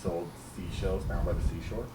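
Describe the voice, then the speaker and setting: A man's voice: deep voice, steady tone, moderate pace, background noise. A man co-hosting a comedy podcast, tossing in dry, mumbled asides. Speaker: podcast co-host. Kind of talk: casual comedy banter.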